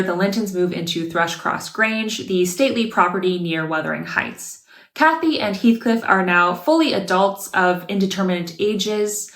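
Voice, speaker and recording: A woman reads her scripted review aloud with a wry, sarcastic edge. Her pitch sits in an everyday middle range. The recording carries a noticeable roomy echo. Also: fairly bright tone. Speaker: video essayist.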